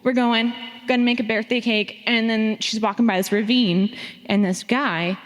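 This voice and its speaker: A young woman from Phoenix tells a family story on a theater stage, animated and profane, acting out the lines she quotes. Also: on the high side, moderate pace. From Phoenix, Arizona. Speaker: audience member sharing a story on stage. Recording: long theater reverb.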